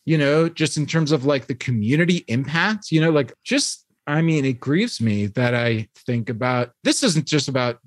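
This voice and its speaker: A man in his thirties talks at length as a podcast guest, his fairly high voice racing through philosophical tangents with plenty of "like" and "you know." The sound is dry and close, with no room echo. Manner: fast, discursive and philosophical, with frequent "like" and "you know". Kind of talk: casual long-form conversation.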